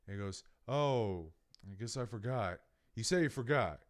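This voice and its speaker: Lively, profane male storyteller. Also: mid-range voice, normal speed. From Louisiana, US. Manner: animated, profane storyteller acting out quotes. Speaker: podcast co-host. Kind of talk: casual chat, storytelling.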